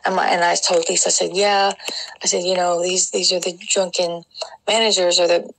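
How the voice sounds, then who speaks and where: Low, gravelly woman telling her dreams. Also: level tone, normal speed, fairly bright tone, poor audio. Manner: rambling, with many restarts and asides. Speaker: Christian dream sharer. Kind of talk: casual storytelling of dreams.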